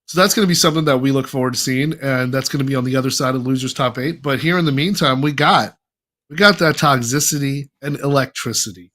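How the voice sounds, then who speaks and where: A man's voice: medium pitch, quick pace, a bit bright. A man commentating a fighting game tournament as a regular host, hyped and chatty. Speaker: esports commentator.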